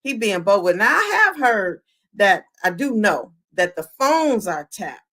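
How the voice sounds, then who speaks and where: A woman hosting a live-streamed recap, chatting straight to her viewers. Her pitch sits in an ordinary middle range, and she throws herself into retelling each scene. She keeps asking the chat what they think. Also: measured pace. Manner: animated, talks to the chat, acts out quotes. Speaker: podcast host.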